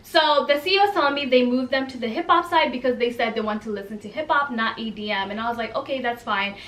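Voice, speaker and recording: Bright-voiced young woman telling a story. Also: fairly high pitch, fast talker, echoey room. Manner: animated, exasperated storytelling with quoted dialogue. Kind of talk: casual storytime monologue.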